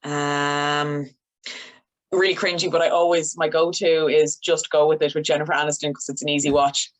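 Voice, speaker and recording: Brief: young woman, low voice, radio journalist as guest, lively storyteller. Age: young adult. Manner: lively storyteller, quick asides. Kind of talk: casual interview chat.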